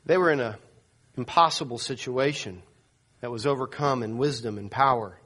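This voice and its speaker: A male pastor preaches a sermon, telling a dramatic story and acting out the people he quotes with rising pitch. He speaks at a moderate pace in a slightly bright voice with a breathy edge.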